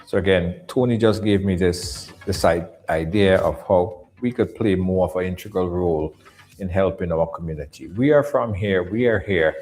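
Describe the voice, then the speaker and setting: Energetic male show host, low voice. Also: normal speed, faint music behind. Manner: energetic, repeats himself. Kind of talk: live show sign-off and promo.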